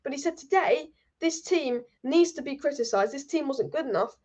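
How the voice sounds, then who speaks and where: A woman's voice: high voice, lively intonation, normal speed, a little mellow. A young woman hosting a live-stream football fan channel, ranting heatedly and reading out viewer comments. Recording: dull lo-fi stream audio.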